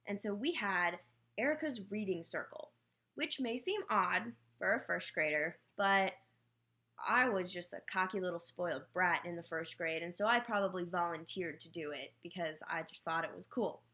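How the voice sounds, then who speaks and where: A young woman telling a personal childhood story in a casual, candid way, with quick self-mocking asides. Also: lowish voice, sharp tone. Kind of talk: personal anecdote told casually.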